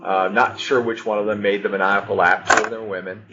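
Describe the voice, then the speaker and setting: A man with a low voice narrates a tabletop game as game master, describing scenes in a relaxed way with fillers. The audio is dull and lo-fi, with a clear hiss underneath. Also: fast talker.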